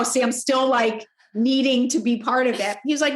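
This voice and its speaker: A woman guest telling a personal story in conversation, animated and jumping up in pitch when quoting others. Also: normal speed, reverberant. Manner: animated, jumps up in pitch to act out quoted speech. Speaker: podcast guest.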